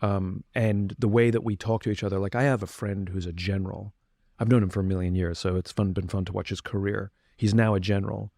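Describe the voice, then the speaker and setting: Low-voiced earnest man on a podcast. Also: steady tone, fairly quick, creaky, dark tone, no echo, clean studio sound. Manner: earnest, reflective, with frequent restarts. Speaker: podcast guest. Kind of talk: candid conversation.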